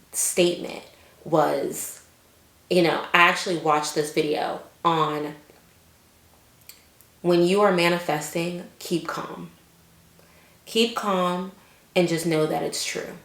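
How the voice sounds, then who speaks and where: Chatty low-voiced woman in echoey room. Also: takes it slowly, pauses often. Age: adult with children. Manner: chatty, animated, lots of fillers and quoted self-talk. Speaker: vlogger. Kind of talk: casual storytelling vlog.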